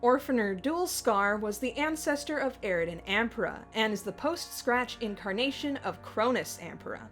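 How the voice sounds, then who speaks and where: A woman's voice: fairly high pitch, lively intonation, normal speed, few pauses, a bit bright. A woman narrating scripted fandom facts with dry, teasing banter. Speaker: co-host of fandom facts video. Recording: music bed behind voice.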